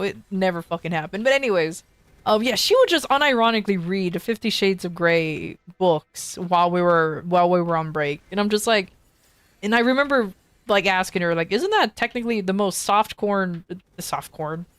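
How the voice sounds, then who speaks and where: A woman's voice: mid-range voice, lively intonation, moderate pace, smooth, no room sound. Young female streamer, casual chat, loose rambling storyteller who swears and laughs, dry booth-like sound.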